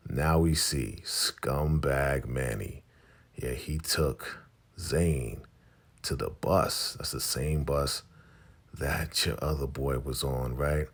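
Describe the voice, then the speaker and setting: A man with an extremely deep voice chats through a TV episode recap. His voice is gravelly and husky. The delivery is animated and conversational. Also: slow. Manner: animated, chatty retelling. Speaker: TV recap host.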